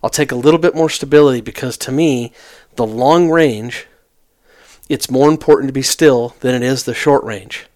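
Relaxed co-host man with stammering restarts. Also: mid-range voice, normal speed. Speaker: hunting podcast co-host. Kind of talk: casual chat.

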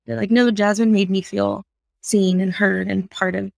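A woman's voice: medium pitch, moderate pace, gravelly, no echo, clean studio sound. A woman in her thirties from San Antonio, Texas, talking as a guest in a casual interview and acting out people's voices when she tells stories. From South Side of San Antonio, Texas. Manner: animated storyteller who acts out voices in quotes. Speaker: podcast guest.

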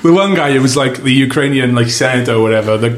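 A man's voice: medium pitch, fast talker, background noise. A man from the United Kingdom hosting a casual podcast chat, rambling, swearing freely and losing his place. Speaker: podcast host.

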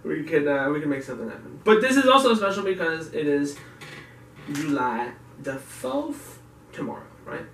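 A man co-hosting a casual podcast, talking in a rambling, halting way with lots of restarts and fillers. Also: fairly high pitch, sing-song, a bit bright, distant mic. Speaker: podcast co-host. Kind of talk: casual chat. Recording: echoey room, off-mic, faint background noise.

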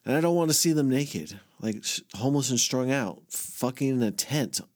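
A man's voice: mid-range voice, animated, moderate pace, a little mellow. A man telling a long personal story in casual podcast chat, rambling and swearing with lots of filler words and self-mocking asides. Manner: self-mocking, laughs at himself.

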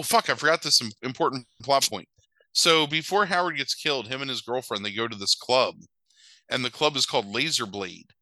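Bright-voiced man rambling through a recap. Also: mid-range voice, no room sound, rough recording. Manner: rambling, filler-heavy retelling with exaggerated quoted voices. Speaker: podcast co-host recapping a movie. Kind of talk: casual chat.

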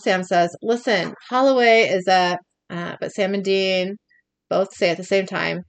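A woman's voice: fairly low pitch, a little slow, vocal fry. A young woman co-hosting a podcast, reading scenes out in a casual recap and often laughing and breaking off. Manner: narrates scenes, laughs and breaks off mid-read. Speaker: podcast co-host recapping an episode.

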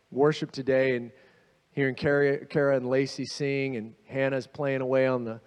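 A man preaching a sermon as pastor, telling the story with animated energy and acting out the voices of the people in it. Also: mid-range voice, long reverb tail.

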